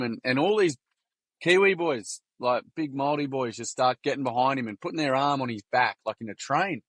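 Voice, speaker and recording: Young Australian man, podcast guest, animated slangy storyteller, dry sound. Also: mid-range voice, brisk, no room sound. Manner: animated, slangy, acts out quotes. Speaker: podcast guest, workshop founder. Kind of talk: casual storytelling interview.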